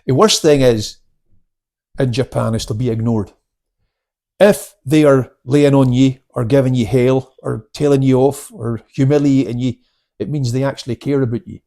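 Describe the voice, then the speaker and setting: Gravelly Scottish man telling stories. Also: medium pitch, normal speed, dark tone. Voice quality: gravelly, husky. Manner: salty, swears freely, laughs often. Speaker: guest, karate instructor. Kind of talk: casual storytelling chat.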